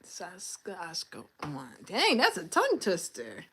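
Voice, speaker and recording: Animated woman telling a workplace story. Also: mid-range voice, normal speed. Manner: animated storytelling, acts out coworkers and manager. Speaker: livestream host. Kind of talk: casual livestream chat with viewers.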